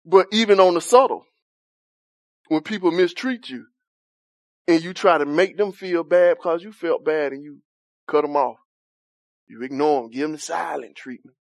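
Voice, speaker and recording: A man's voice: on the high side, moderate pace, pauses often, no echo, studio quality. A man leading an interactive Bible study, talking conversationally, questioning the group and laughing often.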